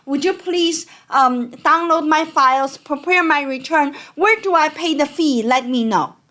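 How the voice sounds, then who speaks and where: A woman's voice: sits high, unhurried, pushed and bright. A woman putting on an overly polite scammer who poses as a new client. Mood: sugary polite. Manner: sweet, polite, eager.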